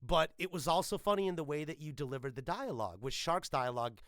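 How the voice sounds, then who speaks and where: Bright, emphatic male voice actor. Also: fairly high pitch, fast talker, no room sound, clean studio sound. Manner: animated, emphatic, swears freely. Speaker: voice actor guest. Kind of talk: casual interview chat.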